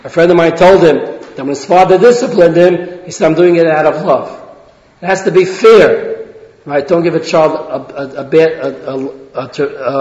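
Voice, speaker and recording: A man delivering a casual lecture with stories, his voice sitting slightly high for a man. He keeps asking rhetorical questions and tosses in "right?" as he goes. The recording is muffled and lo-fi, heard through long reverb in a large hall. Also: darkish tone. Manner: rhetorical questions, frequent restarts and tag "right?". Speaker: religious parenting lecturer. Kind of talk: informal lecture with anecdotes. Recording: echoey hall, dull lo-fi sound.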